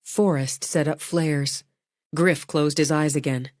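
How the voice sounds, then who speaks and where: A woman narrating an audiobook in an even, measured way. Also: low voice, no echo, clean studio sound. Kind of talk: scripted narration.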